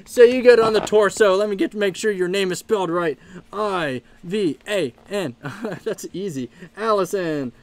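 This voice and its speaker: A man's voice: high voice, normal speed. A man hosting a casual live stream from a room at home, chatting upbeat with his viewers and thanking them. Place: home room with plush pile.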